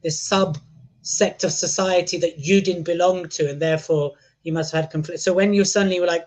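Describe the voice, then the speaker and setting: High-voiced man hosting with playful jokes. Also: fairly even intonation, fairly quick, darkish tone. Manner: joking, playful banter. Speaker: podcast host. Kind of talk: podcast conversation.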